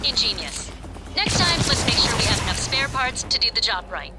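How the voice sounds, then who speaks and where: An actress playing a brisk, teasing female boss on a space station in a game. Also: on the high side, sing-song, over loud music. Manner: wry, teasing.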